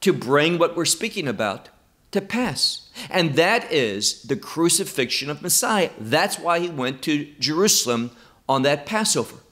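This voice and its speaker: A man teaching a Bible lesson, stressing key words in a slow, emphatic way. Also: fairly high pitch, sing-song, fairly bright tone.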